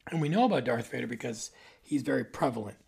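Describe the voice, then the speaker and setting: A vlogger in their forties talks casually to camera, rambling loosely, trailing off and correcting themself. The medium-pitched voice is very gravelly and creaky, expressive, a little mellow, and quick.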